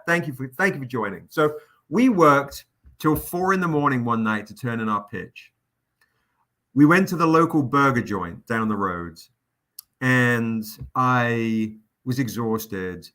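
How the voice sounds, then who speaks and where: A man hosting a livestream, telling an anecdote in a casual, animated, profane way. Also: medium pitch. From England. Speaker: comic publisher hosting a livestream.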